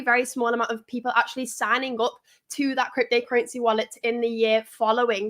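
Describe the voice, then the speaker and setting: A woman's voice: fairly high pitch, a bit bright. A woman with a Northern English accent co-hosting a casual crypto news live stream, chatty with frequent restarts. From Northern England. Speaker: crypto news show co-host.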